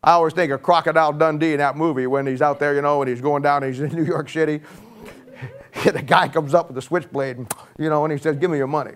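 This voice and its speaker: A man's voice: a little high, steady tone, fast talker, clean tone. A man in his sixties giving a conversational sermon, joking and rambling through stories with frequent restarts. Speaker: preacher.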